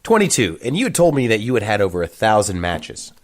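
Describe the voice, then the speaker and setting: A man's voice: lowish voice, huge pitch swings, fast, no echo. An American man hosting a wrestling podcast, announcing with a wry showman's flair and chatting casually with a guest in a home. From United States. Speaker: podcast host. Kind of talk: podcast introduction and casual interview. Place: a private home.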